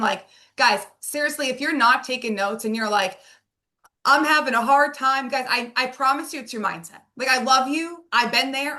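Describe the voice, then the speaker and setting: A woman's voice: fairly high pitch, pushed and bright. A woman hosting an interview, chatty and enthusiastic, recapping points with lots of "like"s. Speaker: podcast host.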